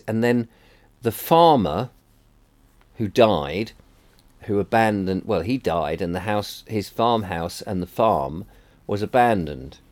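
A man's voice: on the low side, darkish tone. A middle-aged man from England talking in a casual, reflective vlog monologue, wistful and rambling, often trailing off mid-sentence. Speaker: vlogger.

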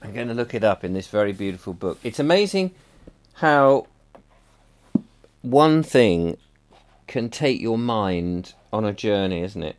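A man's voice: on the low side, big pitch swings, unhurried, long pauses. A middle-aged man from England talking in a casual, reflective vlog monologue, wistful and rambling, often trailing off mid-sentence. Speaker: vlogger.

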